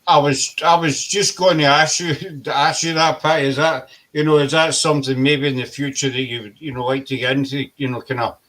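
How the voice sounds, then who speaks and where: A man's voice: a little high, steady tone, fairly quick, hardly any pauses, fairly bright tone. Hesitant male interview host. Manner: hesitant, many fillers and restarts. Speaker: podcast host. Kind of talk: casual interview questions.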